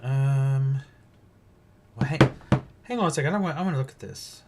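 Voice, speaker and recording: A man's voice: medium pitch, moderate pace, very noisy. A man hosting a casual livestream Bible study, thinking aloud with frequent restarts and fillers.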